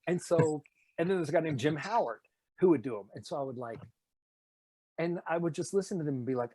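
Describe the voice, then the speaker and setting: A man's voice: fairly high pitch, brisk, long pauses, no room sound. A man from Nashville with a light Tennessee accent, a voice actor telling stories in a casual interview and slipping into impressions. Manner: animated, slips into impressions. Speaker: voice actor guest.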